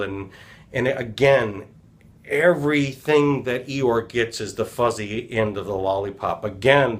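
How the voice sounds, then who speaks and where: A man, a healing practitioner, retelling a children's story in a casual, rambling, reflective talk. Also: medium pitch.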